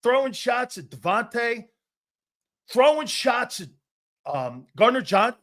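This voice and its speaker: A man's voice: very high-pitched, big pitch swings, a little slow, a bit bright. Fired-up, swearing male sports ranter. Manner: profane, fired-up, emphatic. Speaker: sports commentator. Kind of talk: heated sports rant.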